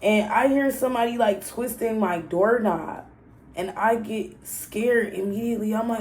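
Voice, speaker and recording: A woman's voice: a little high, normal speed, a little mellow. A young woman telling a storytime to her viewers in a blunt, profane, casual way. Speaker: vlogger.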